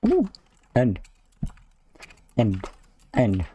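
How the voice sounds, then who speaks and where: This coder's mid-range voice swoops wildly in pitch and moves extremely slowly, dark and slightly rough with no room sound. He streams his work, mutters half-finished thoughts to himself, and curses at breakages while keys clatter behind him.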